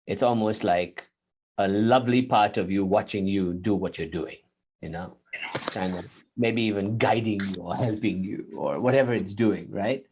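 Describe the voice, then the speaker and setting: A man answering questions in a spiritual interview on a video call, animated and laughing often, acting out inner voices. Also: fairly low pitch, moderate pace, slight background noise. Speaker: guest teacher.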